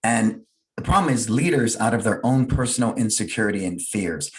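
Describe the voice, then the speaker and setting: A man's voice: fairly low pitch, expressive, brisk, husky. A middle-aged man giving a motivational fireside talk, earnest and emphatic, repeating his key phrases. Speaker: guest speaker, business leader.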